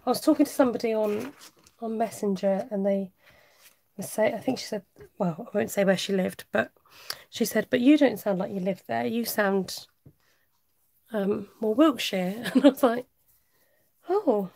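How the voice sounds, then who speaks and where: Working through a live craft stream, a warm, chatty English host with a faint West Country twang laughs frequently with her viewers. Her medium-pitched voice is creaky, moderately paced and full of pauses, with no echo.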